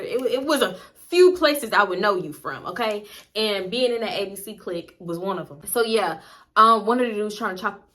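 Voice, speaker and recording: A woman casually telling a personal story to her viewers, candid and animated, with frequent asides. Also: mid-range voice. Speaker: storytime vlogger.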